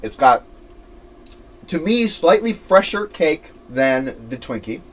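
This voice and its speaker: A young man co-hosting a casual snack-tasting chat, an animated storyteller who laughs as he talks. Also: fairly high pitch, takes it slowly. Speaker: co-host.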